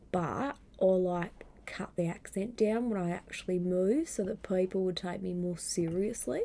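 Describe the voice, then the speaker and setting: A woman reads aloud and chats on a live stream from her home desk microphone. Her voice is low and mellow with a gravelly fry, and she slips often into a soft, wry half-whisper. It has the hushed closeness of a home stream. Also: moderate pace, hardly any pauses, a little hiss or hum. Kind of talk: soft-spoken stream reading and chat.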